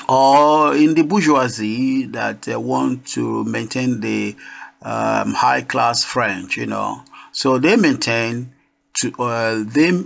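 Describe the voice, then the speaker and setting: A man teaching a beginners' French lesson, explaining slowly and repeating each phrase for practice. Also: medium pitch, creaky, fairly bright tone. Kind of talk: spoken language lesson. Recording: dull lo-fi recording.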